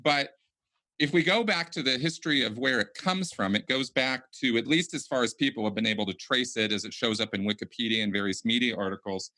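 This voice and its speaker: A man hosting a conversational podcast, talking in a halting way with many restarts and repeated words. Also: mid-range voice, pushed and bright. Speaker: podcast host.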